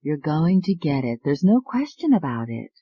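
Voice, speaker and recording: A narrator voicing a young wife who speaks gently and reassuringly. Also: medium pitch, big pitch swings, normal speed, breathy edge, highs cut off. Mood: tender.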